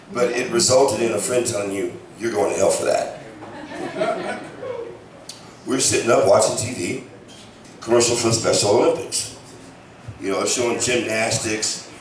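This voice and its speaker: A man's voice: mid-range voice, noisy background. A man telling loose, casual stories in a stand-up set at a comedy club. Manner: casual, loose storytelling with many fillers. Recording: very echoey, distant club recording.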